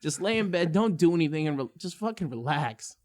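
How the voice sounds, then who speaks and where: A man's voice: a little high, animated, a little fast, darkish tone. Profane, laughing young man podcast host. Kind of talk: casual chat.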